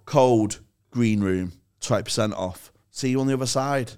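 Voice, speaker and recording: A man's voice: mid-range voice, normal speed, a little mellow, clean tone. Young male comedy podcast co-host, crude laddish banter. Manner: swearing, laddish, jokey.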